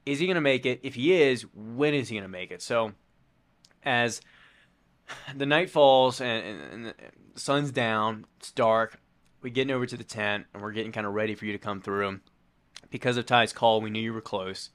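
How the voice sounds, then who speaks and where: A man co-hosting a casual podcast chat, telling a story in a relaxed, jokey way. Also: mid-range voice, moderate pace. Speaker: co-host and race crew member.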